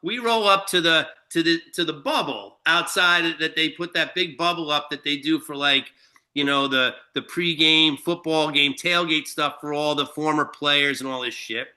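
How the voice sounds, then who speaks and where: High, bright-voiced New man telling stories. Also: moderate pace. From Shelter Island, New York. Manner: animated, profane, lots of fillers and restarts. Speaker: guest storyteller. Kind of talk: casual storytelling.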